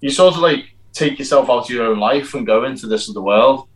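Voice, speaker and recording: A man's voice: mid-range voice, a little fast, rough recording. A man, a stunt performer and actor, chatting in an interview and telling stories animatedly with many restarts and stammers. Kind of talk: casual interview chat.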